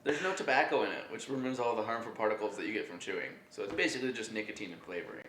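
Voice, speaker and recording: A man's voice: fairly low pitch, racing, a bit bright. A man making dry wisecracks in a casual chat among friends. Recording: echoey room with clear noise.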